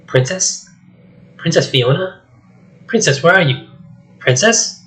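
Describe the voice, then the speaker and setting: A man voicing a loud, jittery talking male donkey while reading a script aloud, with high excitable chatter. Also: takes it slowly, poor audio. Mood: panicked. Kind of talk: solo script reading with voices.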